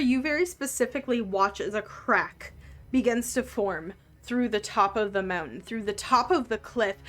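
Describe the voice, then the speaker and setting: A woman narrating as game master in a relaxed way, with frequent ums and likes. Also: fairly high pitch.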